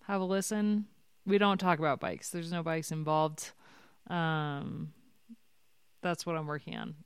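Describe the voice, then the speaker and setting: A woman guest on a podcast, chatting casually and excitably, laughing often. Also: sits low, measured pace, clean tone, no echo. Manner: animated, excitable, frequent laughs.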